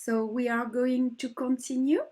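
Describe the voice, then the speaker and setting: This embroidery teacher has a high voice with little pitch movement and talks a little slowly. English is her second language and she carries a French accent, guiding viewers gently and patiently through a stitch step by step in slightly broken English.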